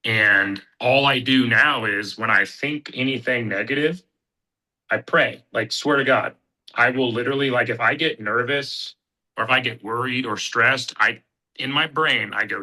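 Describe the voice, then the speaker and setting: A man from Kansas City, a bare-knuckle fighter, speaks as a guest on a talk show. His voice is strikingly bright and sharp, set at an ordinary male pitch. He tells his story earnestly and from the heart, with halting restarts. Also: fairly even intonation, rough recording. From Kansas City, USA. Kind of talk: personal testimony in casual conversation.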